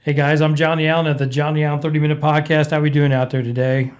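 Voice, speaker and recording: A man's voice: fairly high pitch, level tone, fast. A man hosting his own podcast, casually rambling and venting, his voice clogged and cracked from being sick. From American Midwest. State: congested, recovering from illness. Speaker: podcast host. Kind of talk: casual solo podcast chat.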